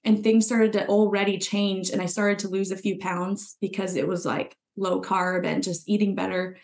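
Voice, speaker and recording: A woman with a medium-pitched, darkish voice speaks flatly at a moderate pace. A podcast guest and former client, she sincerely relates her personal story in conversation, dramatizing what she thought in the moment.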